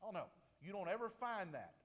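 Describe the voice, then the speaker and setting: A man preaching a sermon, emphatic, with his voice swinging from loud, high peaks to low, quiet drops. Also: sing-song, a little fast. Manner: emphatic, rises and falls sharply in pitch and loudness. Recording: long reverb of a large hall.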